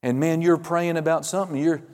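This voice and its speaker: A man preaching a fervent sermon, calling out amens and hallelujahs, swinging between loud and hushed. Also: a little high, steady tone, fairly quick, long reverb tail. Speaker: pastor.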